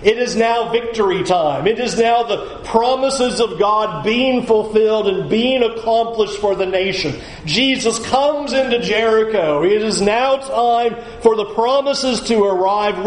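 A man's voice: sits high, roomy sound, poor audio. A male pastor preaching a sermon with emphasis, urging listeners to picture the scene.

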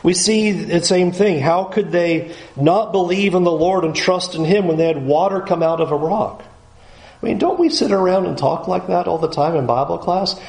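A man preaching a sermon, rising loud on emphasis and dropping low and quiet to drive points home. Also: echoey room. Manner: swings from loud rising emphasis to low quiet pleading, slows on key words.

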